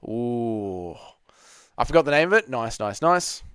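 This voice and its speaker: A man's voice: on the high side, lively intonation, fast talker, a bit bright, clear, resonant tone, no echo, studio quality. A man hosting a casual livestream Q&A, reading chat questions aloud and bantering back.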